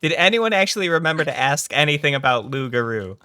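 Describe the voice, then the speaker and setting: A man's voice: fairly high pitch, animated, fast talker, pushed and bright, clear, resonant tone, no room sound, clean studio sound. A man playing a tabletop game in casual chat, making wry asides through laughter.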